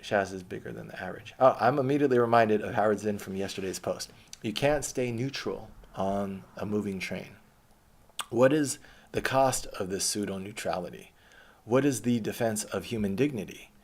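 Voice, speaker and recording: A young man delivering a profane, sarcastic, rambling rant to camera, swinging between loud outbursts and low mutters. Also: normal speed, husky. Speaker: vlogger. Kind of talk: ranting monologue to camera.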